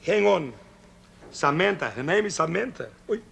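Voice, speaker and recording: Folksy dog-loving pet expert, high gravelly voice, lively up-and-down delivery, kids' show. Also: male voice, normal speed, slight background noise, full character voice. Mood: chatty. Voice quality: chuckling, folksy. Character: chatty male pet expert, jokey, fond of dogs. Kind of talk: 1970s children's TV sketch acting.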